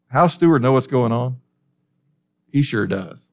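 A man's voice: medium pitch, expressive, a little slow, long pauses. Male preacher asking rhetorical questions. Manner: conversational, asks rhetorical questions. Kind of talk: expository sermon.

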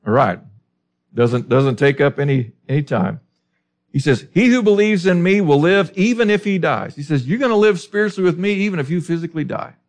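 A man's voice: a little high, fairly quick. A man preaching a sermon, teaching through a Bible passage with emphatic rhetorical questions.

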